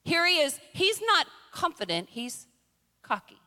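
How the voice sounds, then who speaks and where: A woman's voice: extremely high pitch, very animated, a little slow, sharp tone. A middle-aged woman preacher giving a sermon in a humorous, conversational way, full of playful impressions. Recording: long reverb in a large hall.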